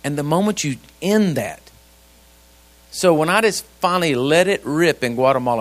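A man's voice: fairly high pitch, expressive, moderate pace. Folksy preacher man, conversational. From grew up on a ranch. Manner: folksy, conversational, with rhetorical questions to the congregation. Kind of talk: sermon.

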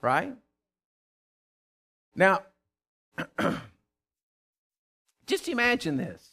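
A man preaching a sermon, emphatic, with call-and-response, swinging from loud to hushed. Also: sits high, big pitch swings, very slow. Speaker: pastor.

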